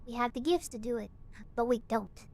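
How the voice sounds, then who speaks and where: A woman's voice: a little high, a little mellow, pitched below the performer's own voice, close to an everyday voice. A woman reading as a grave cult leader. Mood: solemn. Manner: slow, grave, preaching delivery. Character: solemn cult leader giving a farewell sermon. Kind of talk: reading game text aloud.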